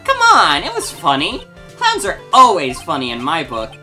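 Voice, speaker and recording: A woman voicing a loud, jokey male circus clown who cackles at his own puns. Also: on the low side, huge pitch swings, normal speed, soft background music, voice pushed up, full character voice. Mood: boisterous.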